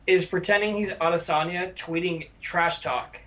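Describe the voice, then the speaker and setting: A man's voice: high-pitched, steady tone, moderate pace, a bit bright. A man co-hosting a podcast, casually recapping episodes with fillers and swearing. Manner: laid-back recapping, swears and uses lots of fillers. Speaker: podcast co-host.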